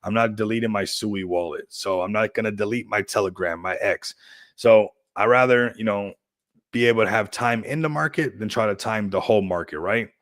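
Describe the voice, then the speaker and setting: A man's voice: lowish voice, fairly quick, fairly bright tone, no echo, clean studio sound. A man hosting a crypto livestream, chatting casually in a rambling, upbeat hype style and laughing often.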